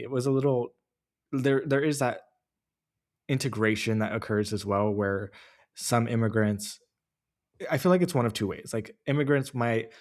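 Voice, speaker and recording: A man hosting a podcast, talking in a thoughtful, halting way over a video call. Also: on the low side, darkish tone. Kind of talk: casual conversation.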